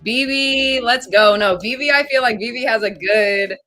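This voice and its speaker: A young woman hosting a casual live stream open panel, bubbly and quick as she announces players. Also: a little high, bright, forceful tone, faint music behind. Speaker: stream host. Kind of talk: casual livestream chat.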